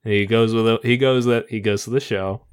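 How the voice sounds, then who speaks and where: A man's voice: fairly low pitch, fairly even intonation, a little fast, clean tone. A man co-hosting a podcast in casual chat, loosely retelling scenes and laughing often. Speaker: podcast co-host.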